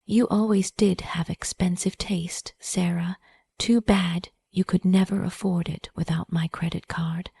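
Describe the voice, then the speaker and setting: A cruel, smug rich ex-husband, whispered by a woman in low, smooth, taunting tones. The whisper is dark and husky, with a gravelly edge, close and dry. It is whispered role-play. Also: flat delivery, a little slow, no echo, exaggerated voice. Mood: cold menace.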